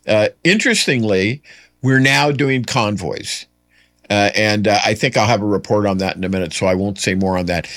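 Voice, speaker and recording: A man's voice: on the low side, a bit bright, no echo. Male political commentary host, unscripted solo monologue, dry close sound, lots of "uh" and restarts, wry asides.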